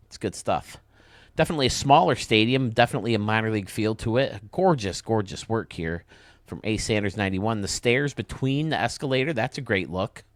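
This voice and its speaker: A young man hosting video game commentary, enthusiastic and casual, heaping quick praise on what he shows. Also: lowish voice, dry recording. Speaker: host.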